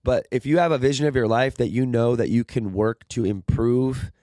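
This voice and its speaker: A man's voice: medium pitch, moderate pace, mellow, no echo. Young guy rambling through a q and a, upbeat, dry close sound. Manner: rambling, upbeat, loses his train of thought. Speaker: vlogger answering viewer questions. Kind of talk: casual Q and A monologue.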